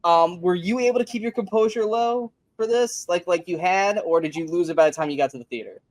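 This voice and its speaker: A man's voice: high voice, fairly quick, dry recording. Male podcast co-host, casual review chat, blunt and profane, dry close sound. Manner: profane, emphatic ranting.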